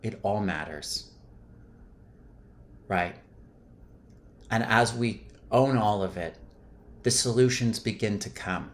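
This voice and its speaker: A man talking to camera in an earnest, coaching way about feelings, often trailing off softly at the ends of his thoughts. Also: on the low side, slow, pauses often. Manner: earnest and coaching, gets loud and playful when swearing. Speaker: self-help vlogger. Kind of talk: reflective solo talk to camera.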